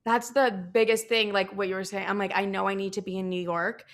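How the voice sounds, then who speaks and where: A woman's voice: mid-range voice, little pitch movement, brisk. A woman in casual podcast conversation, chatty, acting out her own past thoughts as little quotes.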